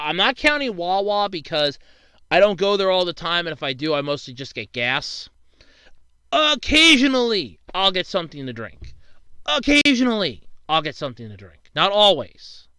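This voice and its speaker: A man's voice: on the high side, expressive, normal speed, pushed and bright, smooth, no room sound. A young man from Pennsylvania, a YouTuber casually answering viewer questions, rambling and swearing freely when he gets worked up. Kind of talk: casual Q&A monologue.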